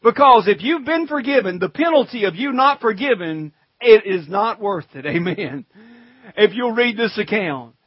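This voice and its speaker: A man preaching a sermon with a high voice, talking plainly to his congregation and calling out to them between scripture readings. The sound is dry and close, and the recording is dull and lo-fi. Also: expressive, normal speed, husky, no echo. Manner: conversational preaching, calls to the congregation; reads scripture in old-fashioned wording. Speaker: pastor.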